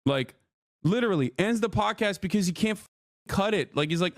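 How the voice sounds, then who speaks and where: A man with a high, animated voice talks fairly quickly, captured in a dry, studio-quality recording. He's streaming live and angrily ranting, swearing heavily as he reacts to another creator. It's a heated, profane reaction rant aimed at his live chat.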